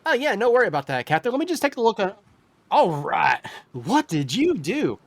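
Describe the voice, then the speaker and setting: Male GM voicing a folksy ship's medic in a tabletop game: raised, lively voice, patronizing calm. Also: sits high, slight background noise, pitched above the performer's own voice. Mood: breezy. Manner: coaxing, patronizing, drawn-out words.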